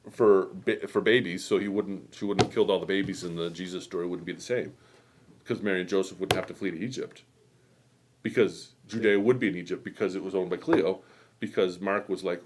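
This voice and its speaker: A man hosting a quilt shop stream, telling a history story in a rambling, animated way with many fillers and asides. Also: on the low side. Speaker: host.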